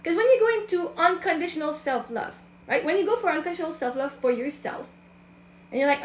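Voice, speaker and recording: A woman's voice: very high-pitched, lively intonation, a little fast, roomy sound, slight background noise. A woman, a self-love and mindset coach, talking casually and emphatically to her online audience. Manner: emphatic, acts out other people's voices.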